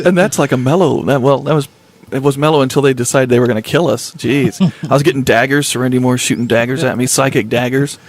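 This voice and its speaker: Male host, mid pitch, chatty storyteller, quick to laugh. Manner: animated storyteller, laughs often, acts out quotes. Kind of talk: casual group chat, storytelling.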